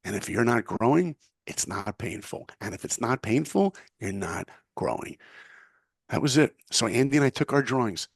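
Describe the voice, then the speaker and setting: A man's voice: medium pitch, lively intonation, normal speed, gravelly, slightly rough, no echo, clean studio sound. A middle-aged man from New York telling a story in a punchy, motivational way as a guest. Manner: punchy, motivational, acts out quoted voices. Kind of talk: animated storytelling.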